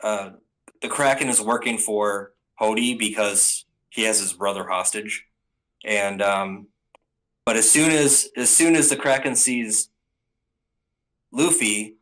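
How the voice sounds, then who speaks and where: A man's voice: on the low side, unhurried, long pauses, fairly bright tone, poor audio. Rambling casual male anime reviewer. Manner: rambling, with frequent ums and restarts. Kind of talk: casual spoken recap.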